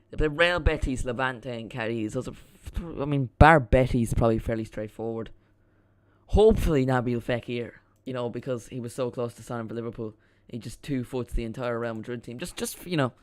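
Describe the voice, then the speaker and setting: A man's voice: medium pitch, fairly quick, clean tone. A man hosting a live football watchalong stream, chatting casually and rambling as he reacts to the chat and the match.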